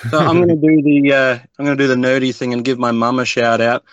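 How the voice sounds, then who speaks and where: A man's voice: medium pitch, level tone, fast, no room sound, dull audio. Hesitant Australian man, dry voice. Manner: hesitant, self-deprecating, many uhs. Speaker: podcast guest and voice actor. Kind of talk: casual chat.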